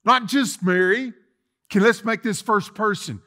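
A man preaching a sermon as lead pastor in a church, swinging from loud declarations to soft asides. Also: high-pitched, a little slow. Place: church sanctuary.

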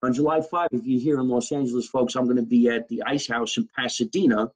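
Husky man from New Jersey, brash profane comic chatting live from his kitchen. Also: mid-range voice, steady tone, quick pace, poor audio. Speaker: comedian hosting a live stream. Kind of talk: casual live-stream chat. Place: home kitchen.

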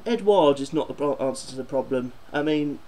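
A man's voice: on the high side, lively intonation, brisk, a little mellow, a little hiss or hum, low-quality recording. A man doing a football fan video, ranting and swearing in exasperation about his team.

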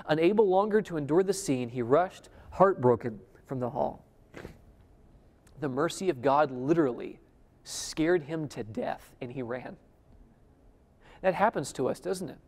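A man preaching to a conference audience, his voice carrying through a hall with a long, lingering reverb. He swings dramatically between forceful emphasis and a hushed, almost whispered delivery. He keeps turning to the crowd with direct questions. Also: fairly high pitch, animated, unhurried, long pauses. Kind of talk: sermon.

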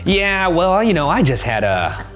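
A man putting on a high, chirpy goblin schemer. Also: very animated, measured pace, fairly bright tone, soft background music, heavily acted. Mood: breezy. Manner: breezy, overly friendly, feigning innocence. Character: sly chatty male goblin, scheming and cheerful.

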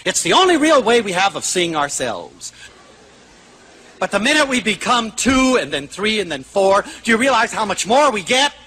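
An older American man giving a lively motivational lecture, acting out quoted voices with sudden shouts. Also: high voice, slightly rough. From United States. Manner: animated, acts out quoted voices, shouts for emphasis.

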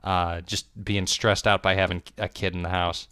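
A man's voice: low voice, flat delivery, moderate pace, fairly bright tone, smooth, no room sound, clean studio sound. A man streaming a game and chatting playfully, swearing freely and cooing baby talk. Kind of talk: casual live-stream chat. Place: home.

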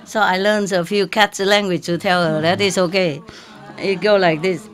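Amid background noise and audience laughter, a woman spiritual teacher shares a playful anecdote in an informal talk, speaking at a normal speed in a mid-range voice with fairly even intonation. She cracks jokes and mimics a cat meowing.

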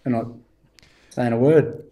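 A man's voice: medium pitch, fairly even intonation, unhurried, a crowd in the background. An Australian man from the country, joking wryly in a laid-back chat over a video call from home. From rural Australia. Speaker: guest. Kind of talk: casual chat.

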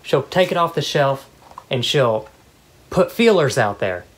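A low-pitched woman opens fan mail in a chatty, excitable way, gasping and laughing between thank-yous. The recording carries clear background noise with paper crinkling. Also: measured pace. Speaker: vlogger opening fan mail. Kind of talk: casual unboxing chat. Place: at home.

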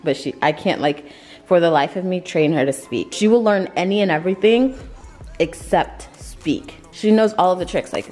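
A woman's voice: lively intonation, normal speed, darkish tone, soft background music. A woman in her twenties chatting casually to camera in a home vlog, talking to her dogs at times. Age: 20s. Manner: chatty, talks to her dogs in a high sing-song voice. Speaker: vlogger. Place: home, bathroom and workout room.

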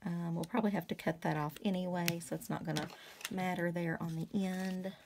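A woman chatting casually to her viewers while she crafts, rambling with many fillers and soft asides. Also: lowish voice, fairly even intonation, a little fast, noisy background. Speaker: craft vlogger.

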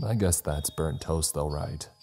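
A man's voice: rumbling low, a little slow, dark tone, faint music behind. A man narrating a scripted first-person horror story in an uneasy, rambling, confessional way.

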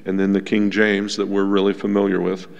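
Pastor, male, low gravelly voice, slow unhurried sermon delivery, long church reverb. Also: completely flat delivery, highs cut off. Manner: unhurried, gentle teaching tone with asides to the congregation. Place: church sanctuary.

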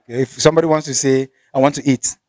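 Nigerian male interviewer, polite and measured, mid pitch. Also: fairly even intonation, mellow, no echo. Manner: polite, measured, stumbles when improvising. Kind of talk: casual interview questions.

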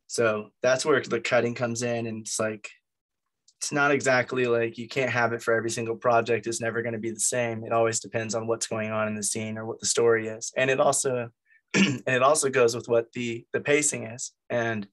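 A man's voice: medium pitch, little pitch movement, brisk, fairly bright tone. A man who is losing his voice, leading a group meeting in a loose, conversational way with plenty of fillers. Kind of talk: casual explanatory talk.

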